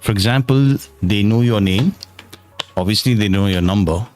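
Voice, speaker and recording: A man's voice: lowish voice, moderate pace, a little mellow, faint music behind. A man on a casual panel chat, earnest, explaining things step by step. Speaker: co-host.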